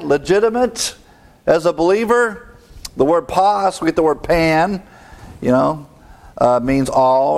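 A man's voice: mid-range voice, a little mellow. Pastor, male, mid-range voice, teaching-style sermon with rhetorical questions and light chuckles. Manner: teaching, explains word meanings, asks rhetorical questions. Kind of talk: expository sermon.

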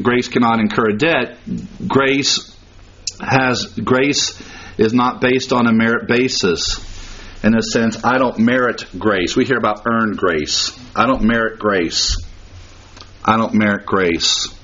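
A man's voice: mid-range voice, fairly bright tone, breathy edge, highs cut off. A man preaching a sermon, hammering points through repetition and chuckling at his own jokes. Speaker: pastor.

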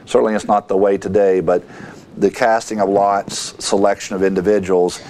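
A man teaching a verse-by-verse Bible lesson, reading scripture aloud and explaining it with halting asides and fillers. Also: fairly low pitch, little pitch movement, darkish tone.

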